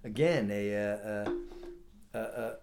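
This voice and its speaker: Low, halting man chatting as a guest. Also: background noise. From California. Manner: halting, many restarts and fillers. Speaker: podcast guest, potter. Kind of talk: casual chat.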